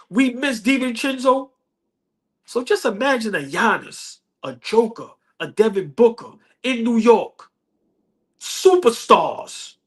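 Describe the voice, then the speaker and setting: A man hosting a sports podcast, delivering a passionate, emphatic fan rant in profane, slangy street talk, often repeating lines for effect. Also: very high-pitched. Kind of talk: fan rant about basketball.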